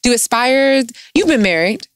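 A woman hosting a casual, playful chat, joking and animated as she talks with a friend. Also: a little high, normal speed, clean tone, dry recording, clean studio sound. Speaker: podcast host.

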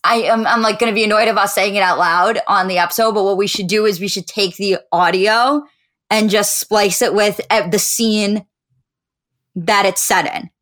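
Teasing, measured young woman podcaster. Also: medium pitch, steady tone, a bit bright. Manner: teasing, measured, playfully diplomatic. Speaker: podcast co-host. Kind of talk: casual podcast chat.

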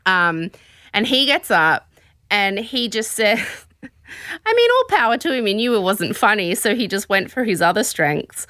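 A woman hosting a casual podcast, telling a story in an animated, chatty way. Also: mid-range voice, a little slow, no room sound, studio quality. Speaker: podcast host. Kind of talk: casual chat recapping a show.

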